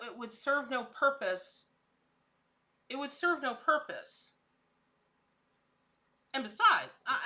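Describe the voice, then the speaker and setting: A chatty middle-aged woman runs a live-stream tarot reading, answering her chat by name with plenty of laughs. Her voice sits a little high and rings bright and forward. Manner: laughs often, with frequent restarts.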